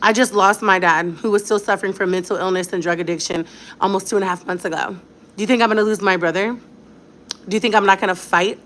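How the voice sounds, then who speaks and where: A woman's voice: mid-range voice, fairly even intonation, quick pace, fairly bright tone, slight background noise. A young woman talking straight to her viewers in a casual vlog, blunt and defiant, with a lot of slang. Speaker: vlogger.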